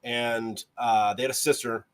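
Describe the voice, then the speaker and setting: A man guesting on a casual podcast, retelling grim fairy tales in an animated, profane way and doing voices for the characters. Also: medium pitch, a little slow, smooth. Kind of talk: casual chat.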